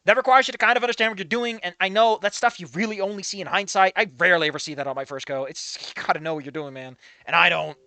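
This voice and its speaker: A man reads a fan-written story aloud, breaking in with his own commentary. His voice sits a little high and sounds bright and forceful, and the dry, close recording has almost no room sound. He shifts between hushed reading and loud, excitable critique. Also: fast, hardly any pauses, no room sound. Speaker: fan fiction reader and critic.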